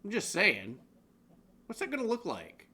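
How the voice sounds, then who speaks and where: Bright-voiced joking man hosting a stream. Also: high-pitched, huge pitch swings, a little slow, husky. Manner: joking, rambling, laughs often. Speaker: co-host. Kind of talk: comedic news roundup on a live stream.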